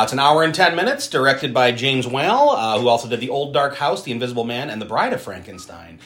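Animated man hosting a podcast. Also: mid-range voice, roomy sound. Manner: animated, laughs often, mimics people in quotes. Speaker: podcast host. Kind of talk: casual podcast chat.

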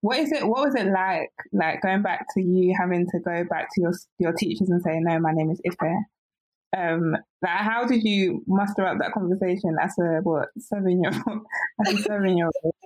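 A woman's voice: on the low side, moderate pace, dry recording. A woman interviewer asking questions casually and hesitantly, often restarting her sentences. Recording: dull lo-fi sound.

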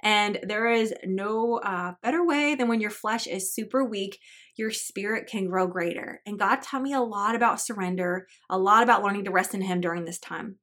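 A woman in her thirties hosts a Christian podcast, speaking earnestly and personally. She weaves her own story into scripture teaching, her voice sitting at an ordinary middle pitch. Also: normal speed, a bit bright. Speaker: podcast host. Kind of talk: Christian devotional podcast talk.

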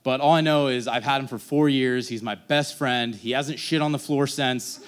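A young man tells a personal story on stage in a casual, rambling way. His voice is clear and smooth, at an ordinary pitch for a man. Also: fairly even intonation, normal speed. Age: young adult.

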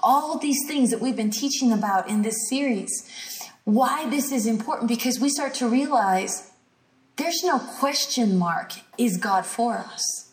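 A woman's voice: fairly high pitch, lively intonation, unhurried, roomy sound, distant mic. A woman raised on a ranch, giving an emphatic, sermon-style teaching at a healing school and repeating phrases for weight. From rural ranch country.

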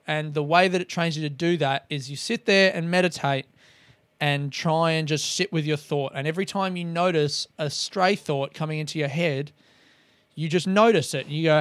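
Sweary guy rambling on his podcast, smooth clear voice, dead dry mic. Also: on the high side, normal speed, no echo. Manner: rambling, heavy swearing, self-mocking. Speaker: comedian podcast host. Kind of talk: casual monologue.

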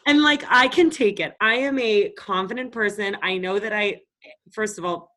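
A woman's voice: mid-range voice, normal speed, a bit bright. A woman in her late twenties, co-hosting a podcast in casual chat, telling stories in a blunt, profane, confident way. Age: late 20s. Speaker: podcast co-host. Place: Los Angeles.

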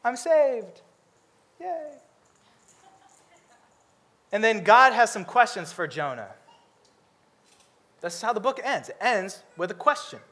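Guy preaching a sermon, high voice, swoops up and down a lot, jokey and animated. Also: normal speed, pauses often. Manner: animated, acts out characters with comic voices.

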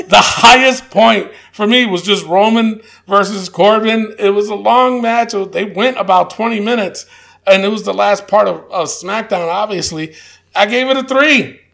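A man's voice: high voice, vocal fry, a bit bright. A man co-hosting a casual chat show, talking hesitantly with lots of fillers and dry verdicts. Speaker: podcast co-host.

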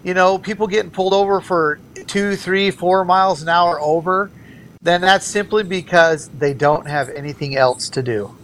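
A man running for governor speaks as an interview guest, making his political case earnestly and emphatically and leaning on repeated phrases. His voice is high-pitched and steady, fairly bright, at a moderate pace, with slight background noise.

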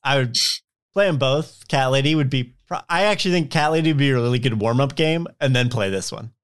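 A man's voice: medium pitch, fairly quick, clean tone. Podcast co-host, male, easygoing rambling delivery with lots of restarts. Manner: rambling, many fillers and restarts. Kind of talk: casual board game chat.

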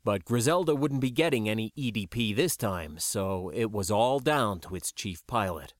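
A man narrating a science-fiction audiobook in a measured, even storytelling voice. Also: lowish voice, dry recording, studio quality.

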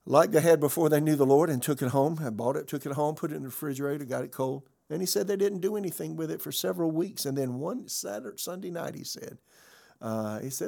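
A man's voice: a little high, fast, gravelly, dark tone. An older male pastor giving a conversational sermon, telling a story earnestly and often restarting and repeating words.

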